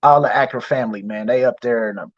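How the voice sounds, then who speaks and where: A man's voice: medium pitch, quick pace, no echo. Guy rambling stories on a stream, loose slangy talk, kinda muffled lo-fi sound. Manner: animated storytelling, slangy and profane, acts out quoted voices. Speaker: host. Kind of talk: casual chat. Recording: dull, lo-fi stream audio.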